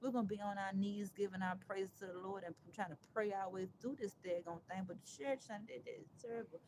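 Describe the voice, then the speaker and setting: A woman talking on a casual live stream, emphatic and sarcastic, rambling and restarting her phrases, with loud outbursts and quiet asides. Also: medium pitch, fairly even intonation, brisk, background noise. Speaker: livestreamer.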